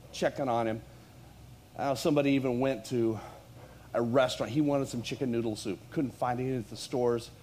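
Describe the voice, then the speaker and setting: A man preaching to his congregation in church, his voice pitched high for a man. He talks conversationally, then climbs to loud, emphatic peaks on the key lines. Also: slight background noise. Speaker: pastor. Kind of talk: sermon.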